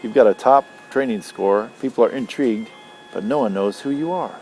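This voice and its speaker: A man's voice: mid-range voice, fairly quick, darkish tone, a little hiss or hum, close to an everyday voice, low-quality recording. A man doing a blunt sardonic mentor. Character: gruff blunt older male mentor.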